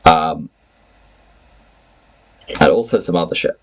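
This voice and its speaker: Low-voiced man rambling through a recap. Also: takes it slowly, rough recording. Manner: rambling, laughs often, many fillers. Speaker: podcast host and game master. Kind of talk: casual recap chat.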